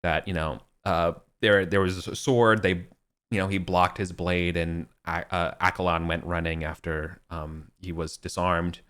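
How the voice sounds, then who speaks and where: A man's voice: low voice, level tone, measured pace, fairly bright tone, clean tone. A young man running a tabletop game as game master, narrating loosely with plenty of fillers. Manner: loose and rambling, heavy on fillers.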